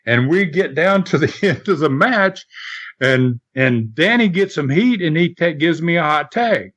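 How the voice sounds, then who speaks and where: A man's voice: a little high, expressive, unhurried, a bit bright. An older man and podcast guest telling a rambling wrestling-days anecdote, chuckling and restarting as he goes. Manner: rambling storyteller who chuckles and restarts often. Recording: lo-fi podcast audio.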